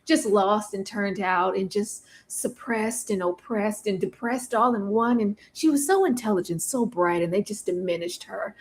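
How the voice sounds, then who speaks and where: A woman co-hosting a casual episode recap, animated and laughing as she acts out characters' lines. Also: medium pitch. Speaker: podcast co-host.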